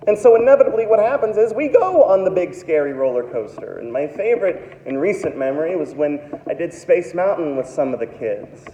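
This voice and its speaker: A man's voice: a little high, lively intonation, brisk, few pauses, dark tone, a little hiss or hum. A man in his thirties preaching a sermon as pastor, dramatic and acting out the voices he quotes. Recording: echoey hall, dull lo-fi sound.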